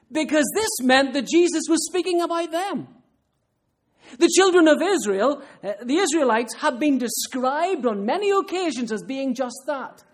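A man preaching a sermon in an earnest, emphatic way. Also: very high-pitched. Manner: earnest, emphatic, with rhetorical questions.

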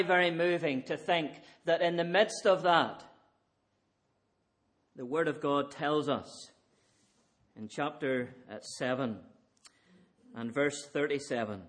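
A man's voice: on the high side, a bit bright. A man preaching an evening sermon, earnest and emphatic, pressing his listeners with repeated rhetorical questions.

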